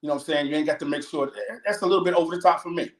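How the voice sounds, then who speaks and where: A man's voice: a little high, fairly even intonation, racing, roomy sound. A man co-hosting a casual chat show, talking in a laid-back way and often saying "you know what I'm saying". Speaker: co-host.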